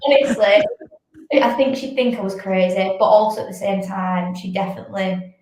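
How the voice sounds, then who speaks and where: Speaking at a normal speed in a mid-range, slightly mellow voice, a young fitness coach and athlete talks casually on a podcast, saying "like" constantly. There's a little hiss or hum, and the room echoes heavily.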